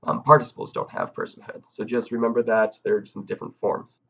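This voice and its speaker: A man giving a recorded video grammar lesson in a casual, halting way, with frequent ums and self-corrections. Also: on the low side, level tone, fairly bright tone, lo-fi sound. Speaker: grammar teacher.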